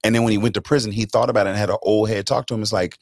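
A man's voice: on the low side, fairly even intonation, rapid-fire, creaky, dry recording, clean studio sound. A man co-hosting a casual discussion, talking in an emphatic, reflective way. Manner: emphatic, reflective, mimics voices. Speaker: co-host.

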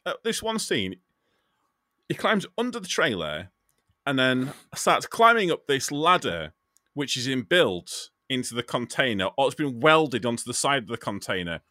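A man hosting a podcast, with a bright, ringing tone and a pitch that swoops up and down as he gets worked up and laughs. He speaks close to the mic in a dry, dead room. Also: moderate pace, no room sound. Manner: animated, laughing, with many restarts. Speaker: podcast host. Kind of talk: casual podcast chat.

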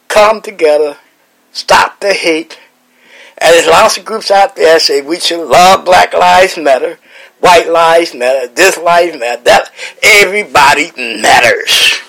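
A man's voice: high-pitched, gravelly, a bit bright, low-quality recording. A man hosting a Bible chat, preaching with repeated lines and rising emotional emphasis. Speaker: host and Bible teacher.

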